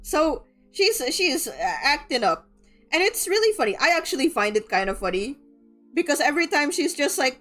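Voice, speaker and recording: A woman's voice: high-pitched, big pitch swings, normal speed, fairly bright tone, faint music behind. A young woman from the Philippines hosting a book club, chatting casually and rambling with lots of filler words and giggles. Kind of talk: casual livestream chat.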